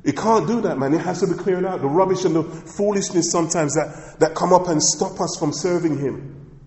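A man's voice: a little high, normal speed, a little mellow, echoey room, long reverb tail. A man preaching a sermon as pastor, emphatic and repetitive, with many rhetorical questions to the congregation.

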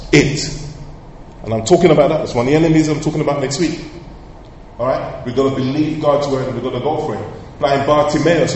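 A man's voice: mid-range voice, a little hiss or hum. Preaching man in an echoey hall. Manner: emphatic preaching with sudden loud outbursts. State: coughing, slightly hoarse. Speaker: pastor. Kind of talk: sermon. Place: large church hall. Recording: echoey hall, heard from far off.

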